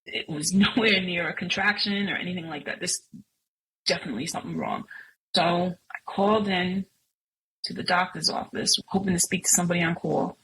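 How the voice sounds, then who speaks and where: A woman's voice: lowish voice, brisk, fairly bright tone, slight background noise, rough recording. A middle-aged woman sharing a personal story as a guest, speaking earnestly and emotionally with many fillers. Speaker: podcast guest.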